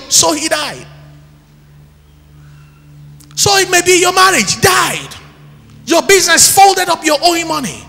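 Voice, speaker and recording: A man preaching an impassioned sermon, shouting one moment and dropping low the next, recorded live in church. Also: wildly swooping pitch, normal speed, gravelly, faint music behind. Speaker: pastor. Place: church hall. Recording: live church recording with long hall reverb.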